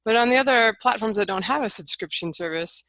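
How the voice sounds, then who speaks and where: A woman's voice: a little high, animated, fairly quick, a bit bright, no room sound. Conversational woman host on a dry mic. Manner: conversational, asks questions casually. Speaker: podcast co-host. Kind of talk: casual podcast interview.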